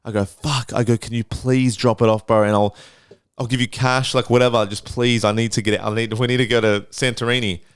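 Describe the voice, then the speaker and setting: Fast-talking man telling a story. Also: medium pitch, clear, resonant tone, no room sound, studio quality. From Australia. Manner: swears freely, animated retelling with voiced quotes. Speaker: podcast host. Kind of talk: casual storytelling.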